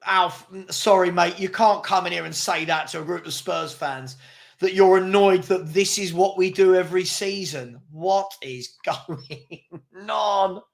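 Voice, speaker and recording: A man hosting a live football watchalong, commentating excitably and exasperatedly and often laughing. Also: high-pitched, a little slow, gravelly. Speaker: fan channel host.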